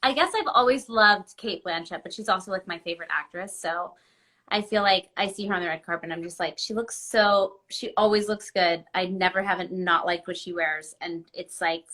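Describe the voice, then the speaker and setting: Bright-voiced chatty woman. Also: fairly low pitch, brisk. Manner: chatty, laughs easily, lots of "like" fillers. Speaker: guest on a live stream. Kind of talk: casual chat. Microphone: phone live stream.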